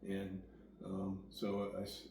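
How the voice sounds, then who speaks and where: A man's voice: low voice, slow pace. Profane young man telling his story. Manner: profane, rambling storytelling with frequent restarts; acts out quoted dialogue with lively voices. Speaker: guest sharing recovery story. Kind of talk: casual conversation. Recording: echoey room, distant mic, faint background noise.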